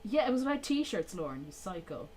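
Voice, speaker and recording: A young woman from Ireland with a softened Irish accent, chatting casually with friends and shifting into animated comic voices. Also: fairly quick. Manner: animated, swears a lot, laughs, shifts into high-pitched comic voices. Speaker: podcast co-host. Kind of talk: casual chat.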